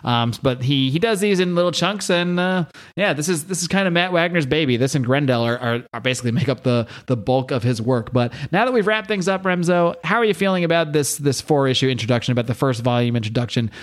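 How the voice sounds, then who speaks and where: A man's voice: on the high side, animated, quick pace. Casual man recapping comics. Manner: casual, amused, retelling plots. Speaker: podcast host.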